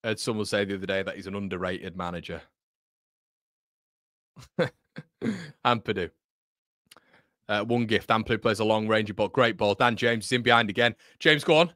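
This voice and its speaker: A man hosting a live football watchalong, commentating excitably and bantering with his chat. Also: mid-range voice, normal speed, no room sound, studio quality.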